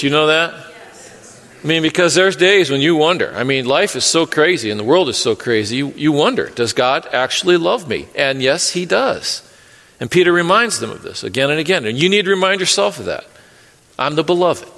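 A man's voice: high-pitched, pushed and bright. A male pastor preaching an earnest sermon with light humor, often stumbling and repeating words. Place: church sanctuary. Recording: echoey sanctuary reverb.

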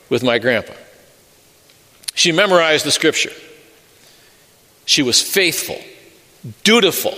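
A middle-aged man, a pastor, preaching an earnest sermon with measured pauses and personal stories. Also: a little high, bright, forceful tone. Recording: long reverb of a large hall.

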